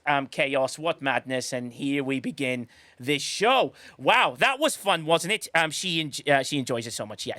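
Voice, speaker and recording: A man's voice: on the high side, bright, forceful tone, no echo. Effusive man hosting a live stream. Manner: effusive, laughs often. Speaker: podcast host. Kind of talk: casual live-stream chat.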